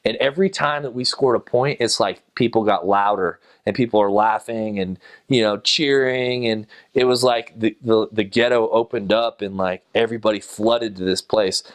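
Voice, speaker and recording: Low-voiced man recalling a mission story. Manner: relaxed and unhurried, with frequent fillers and restarts. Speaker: former missionary. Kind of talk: personal anecdote told to camera.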